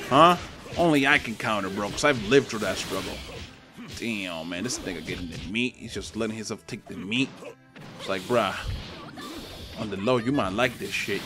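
Animated profane man ranting over gameplay. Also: mid-range voice. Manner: profane, trash-talking, ranting. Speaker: gaming channel host. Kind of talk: live gameplay commentary. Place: home apartment with neighbors upstairs.

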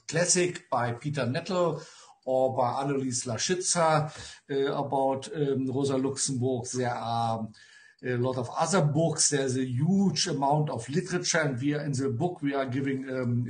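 A man with a strong German accent opens his talk on a video call. He speaks in a friendly way, with many ums and restarts. His pitch is mid-range. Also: darkish tone. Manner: friendly, hesitant, many fillers. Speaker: guest speaker. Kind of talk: academic online talk.

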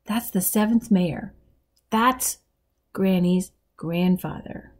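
A woman teacher reading a novel aloud to her students and pausing to explain details. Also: fairly low pitch. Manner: explanatory, guiding readers through details.

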